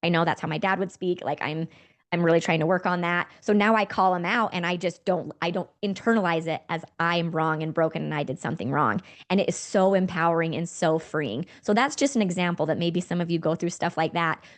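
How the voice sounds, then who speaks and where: A woman's voice: lowish voice, a little fast. A woman in her forties, hosting a podcast, telling a personal story in a candid, conversational way. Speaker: podcast host.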